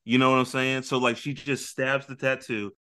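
A man co-hosting a casual pop-culture podcast, retelling anime scenes with lively storytelling and acted-out character lines. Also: medium pitch, moderate pace, smooth. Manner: animated storytelling, acting out characters with big voice jumps. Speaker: podcast co-host.

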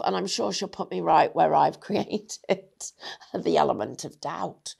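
Chatty woman with a gravelly voice. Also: medium pitch. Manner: chatty, jokey, self-correcting. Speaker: craft demonstrator. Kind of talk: casual product demonstration.

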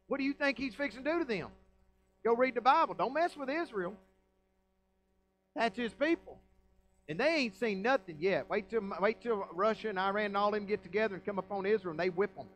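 High-voiced Southern pastor preaching. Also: male voice, fairly bright tone, low-quality recording. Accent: Southern American. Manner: folksy, emphatic preaching with rhetorical questions. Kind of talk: sermon. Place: church sanctuary.

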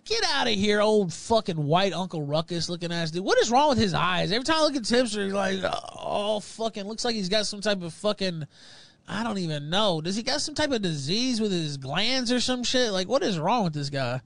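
Very high-voiced angry man ranting. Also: very animated, brisk, gravelly, a bit bright, dry recording. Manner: angry, insulting, swearing. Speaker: livestream show host. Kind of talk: profane ranting talk.

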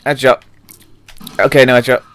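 A man's voice: mid-range voice, little pitch movement, normal speed, fairly bright tone, smooth. A young British man giving let's-play commentary, chatty and talking back to the game characters. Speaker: gamer.

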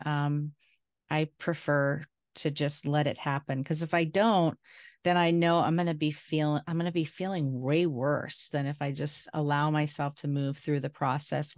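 Therapist lady hosting a podcast, really low gravelly voice, slow and thoughtful. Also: dry recording, studio quality. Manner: thoughtful, agreeable, measured. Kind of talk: casual interview chat.

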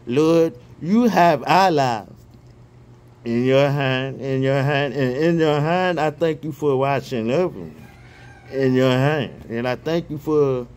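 Slow, fervent man praying and reading aloud. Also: medium pitch. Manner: excitable, stumbles and repeats words; reads punctuation marks aloud. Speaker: online Bible reader.

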